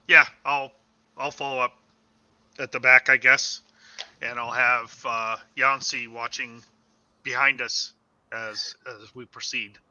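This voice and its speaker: A man's voice: medium pitch, little pitch movement, slow, pauses often, sharp tone, muffled recording. A man playing a tabletop game, speaking in an easygoing, hesitant way. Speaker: player.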